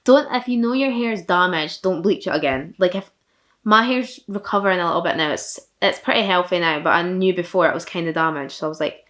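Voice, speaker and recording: A woman's voice: lowish voice, brisk, a bit bright. A young woman from Fife with a thick Fife Scottish accent, chatting casually while answering viewer questions in a vlog. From Fife, Scotland. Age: young adult. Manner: chatty, self-deprecating, many likes and laughs.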